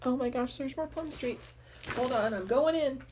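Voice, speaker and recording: A woman chatting casually to the camera at home as a vlogger, gushing and often trailing off into soft murmurs. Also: high voice, normal speed, slight background noise. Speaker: teacher and cross-stitch vlogger.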